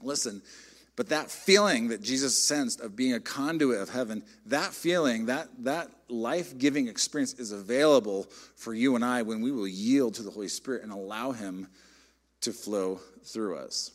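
A middle-aged man, a pastor, preaching a sermon in a conversational, animated storytelling way. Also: mid-range voice, normal speed. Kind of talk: sermon with personal stories.

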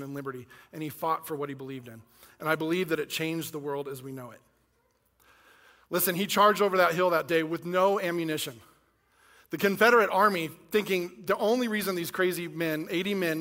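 A man giving an inspirational speech, casual and energetic, talking directly to his audience. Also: fairly high pitch. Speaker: speaker.

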